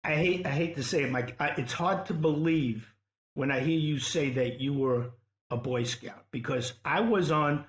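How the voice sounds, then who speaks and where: A man from Queens tells stories and teases his friends, acting out what people said. His voice sits fairly high, and it rings in a roomy space around the mic. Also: moderate pace. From Queens, New York. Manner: teasing, animated storyteller who quotes people. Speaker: podcast co-host. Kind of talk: casual chat.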